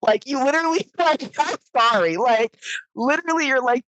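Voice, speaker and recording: A woman co-hosting a podcast, chatting casually about a film, animated and laughing often as she acts out lines. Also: fairly high pitch, normal speed, no echo, rough recording. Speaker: podcast co-host. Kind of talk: casual film review chat.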